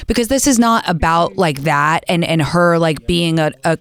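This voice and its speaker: A young adult woman hosting a call-in podcast, giving blunt, animated advice and swearing freely. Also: on the low side, normal speed, vocal fry, smooth. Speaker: podcast host taking calls. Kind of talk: casual advice chat.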